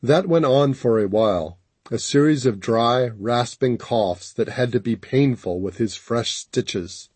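A man narrating a first-person audiobook in a steady, even storytelling manner. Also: mid-range voice, unhurried, slightly rough, no room sound.

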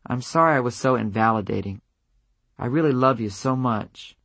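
A man reading an audiobook aloud in a measured, even manner, narrating example letters. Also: mid-range voice, creaky, dry recording. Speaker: audiobook reader.

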